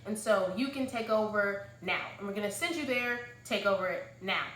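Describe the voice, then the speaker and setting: A woman's voice: mid-range voice, expressive, moderate pace, a bit bright, lightly acted. A woman voicing a matter-of-fact middle-aged stepfather who explains things in a businesslike way, recorded in an echoey room.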